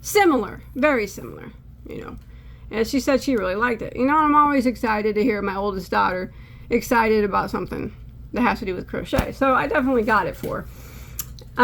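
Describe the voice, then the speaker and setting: A woman's voice: on the high side, moderate pace, fairly bright tone. A middle-aged woman hosting a crochet channel, chatting casually from a cluttered room at home as she unboxes yarn, rambling and restarting her sentences.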